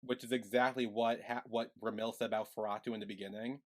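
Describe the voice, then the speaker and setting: A man co-hosting a podcast, recapping the plot in a relaxed way with many "like"s and quoted lines. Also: fairly low pitch, quick pace. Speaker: podcast co-host. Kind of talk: casual recap chat.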